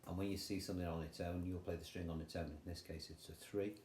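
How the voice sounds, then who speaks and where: An older man with an English accent, teaching guitar in a chatty, relaxed way and counting rhythms aloud. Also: sits low, fast talker, a little hiss or hum. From England. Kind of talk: casual guitar tutorial. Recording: roomy sound with guitar playing.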